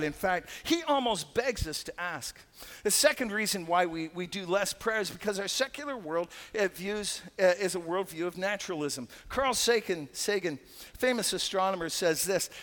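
High-voiced pastor preaching in a hall. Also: male voice, a bit bright. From Canada. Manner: conversational, joking, acts out quoted voices. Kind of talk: sermon. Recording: long hall reverb.

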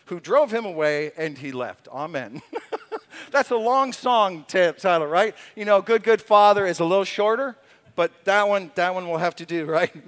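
A man preaching a sermon as pastor, playful and animated, breaking into acted-out voices. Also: high-pitched. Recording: reverberant hall.

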